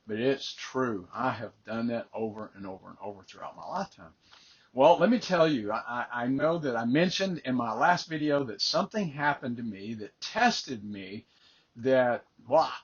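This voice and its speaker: A man's voice: medium pitch, breathy edge, lo-fi sound. An older man, a life coach, earnestly telling a personal faith story and often repeating words as he starts a phrase.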